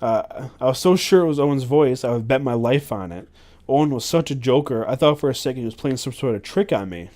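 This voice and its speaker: A man's voice: medium pitch, lively intonation, fairly quick, mellow. Man reading a memoir aloud, stumbling. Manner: reads with frequent stumbles and self-corrections. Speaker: podcast host.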